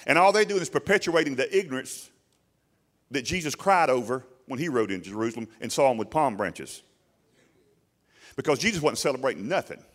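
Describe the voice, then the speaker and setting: A man's voice: medium pitch, expressive, a little fast, fairly bright tone. A middle-aged man, preaching a sermon in a folksy, colloquial way and asking his listeners questions. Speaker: pastor.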